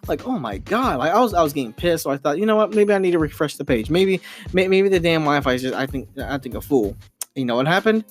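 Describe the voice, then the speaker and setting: A man's voice: on the high side, expressive, quick pace, faint music behind. Rambling man with exasperated podcast rant. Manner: rambling, many fillers and restarts, exasperated. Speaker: podcast host. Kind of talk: casual rambling monologue. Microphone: home microphone.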